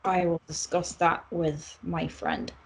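A woman's voice: lowish voice, flat delivery, slow, husky. A woman playing a tabletop game, dry and teasing in character. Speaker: player.

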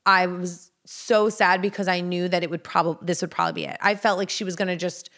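Animated woman telling a story. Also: a little fast, vocal fry. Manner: animated, acts out quoted dialogue with big pitch jumps, frequent "like"; swears casually. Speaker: podcast co-host. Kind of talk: casual storytelling chat.

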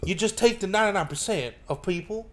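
A man's voice: sits high, quick pace, a bit bright, voice pushed up. A man putting on the voice of a brash, pushy male conspiracy talk-show host who talks down to his guest. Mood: smug lecturing.

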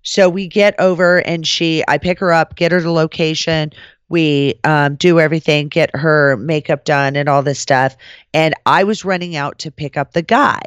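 A woman's voice: low voice, clean tone, dry recording. Foul-mouthed woman telling a backstage story. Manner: profane, animated, acts out quoted voices. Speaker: podcast host. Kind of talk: casual storytelling chat.

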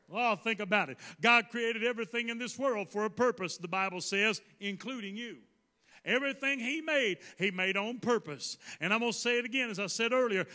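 A man preaching a sermon to a congregation, repeating his lines and leading call-and-response, now and then rising to a shout. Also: high-pitched, fairly quick. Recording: long reverb of a hall.

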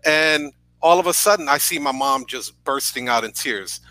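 A man's voice: a little high, moderate pace, pushed and bright, no echo, rough recording. A man in his thirties from New York, a podcast guest earnestly telling a personal story over a video call, often checking in with "right?". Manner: earnest, tag questions with "right?".

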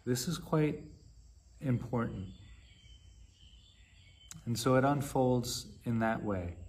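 A man teaching meditation in a measured, unhurried dharma talk with long pauses between phrases. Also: medium pitch, creaky, darkish tone, husky.

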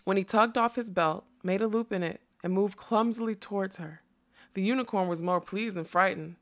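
A woman reads a fantasy story aloud in a soft, measured way. Her voice sits at a middling pitch. The delivery is calm audiobook narration.

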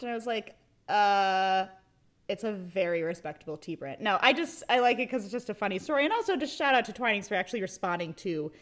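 A woman co-hosting a podcast in casual chat, animated and giggly, reading messages aloud with playful emphasis. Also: mid-range voice. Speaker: podcast co-host.

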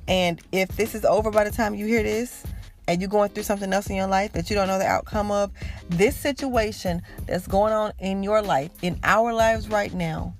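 A woman's voice: mid-range voice, moderate pace, faint music behind. A woman hosting a podcast, giving an encouraging faith talk in a preachy, repetitive way that speaks straight to listeners. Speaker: podcast host.

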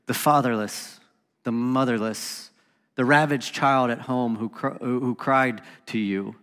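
A man's voice: medium pitch, fairly bright tone, in a large hall. A man hosting a reflective Bible study talk, reading scripture passages aloud in an earnest voice with casual asides. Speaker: podcast host teaching on scripture.

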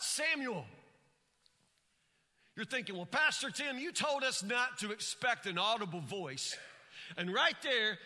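Male pastor preaching, kinda high and super bright voice, long echoey hall reverb. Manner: earnest storytelling, repeats phrases for emphasis. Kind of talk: sermon.

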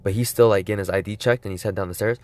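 A man's voice: racing, no echo. A young man casually retelling a wild night out, swearing a lot and rambling. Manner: excited, voice climbing high as the story peaks. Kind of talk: casual storytelling to camera.

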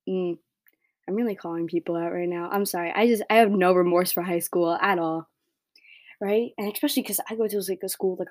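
A woman's voice: medium pitch, a little mellow. A teenage girl hosting her own podcast, talking in a casual, blunt monologue full of "like" and "right?". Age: teens. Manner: chatty, blunt, heavy use of "like" and "right?". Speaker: podcast host.

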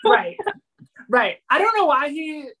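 A woman co-hosting a podcast, retelling a TV episode in an animated, chatty way and slipping into the characters' lines. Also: high-pitched, measured pace. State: yawning, a little tired. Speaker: podcast co-host. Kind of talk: casual chat recapping a TV episode.

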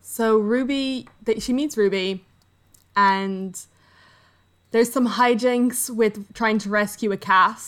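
A woman's voice: on the high side, steady tone, slow pace, a bit bright. A woman co-hosting a podcast, casually retelling a book's plot and acting out the characters' lines. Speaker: podcast co-host. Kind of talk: casual book discussion.

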